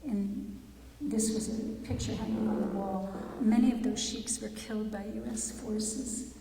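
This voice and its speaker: A woman giving an earnest, measured public talk, pausing and restarting as she tells what people said to her. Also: a little high, fairly even intonation, background noise. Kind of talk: reflective public talk reading quotes. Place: large chapel. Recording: echoey chapel from far off.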